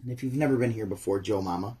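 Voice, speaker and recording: A man from Syracuse in upstate New York hosts his own livestream channel, ranting bluntly and chatting casually with viewers. His voice is fairly low, mellow, and husky, and he talks fast.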